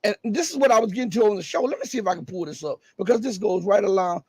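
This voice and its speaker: A middle-aged man with a scratchy, raspy voice, giving emphatic live news commentary full of rhetorical questions. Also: high-pitched, animated, fast talker, a little mellow, dry recording.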